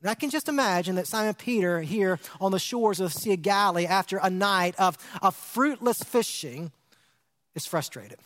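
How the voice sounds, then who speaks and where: A man with a very high voice preaches a sermon in a conversational way. He poses questions to his listeners and often doubles words as he restarts a phrase. His voice rings with the long reverb of a large hall. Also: lively intonation, normal speed, fairly bright tone. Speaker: pastor.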